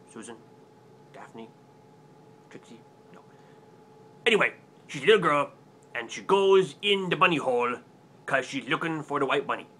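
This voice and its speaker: A man's voice: medium pitch, a bit bright. A man playing a clueless, forgetful book-review host who rambles eagerly in a comic web sketch.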